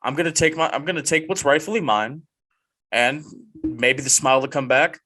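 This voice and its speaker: A man hosts a casual chat podcast with a bright, forceful voice. He jokes in a mock-dramatic way and rambles with frequent restarts. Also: a little high, normal speed. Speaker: podcast host.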